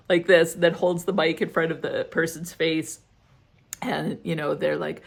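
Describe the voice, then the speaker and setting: A middle-aged woman chats about perfumes in a casual, gushing review, often breaking into giggles. Her voice sits a little low with a gravelly fry at phrase ends, and she talks loosely and warmly to viewers. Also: steady tone, moderate pace. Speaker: fragrance reviewer.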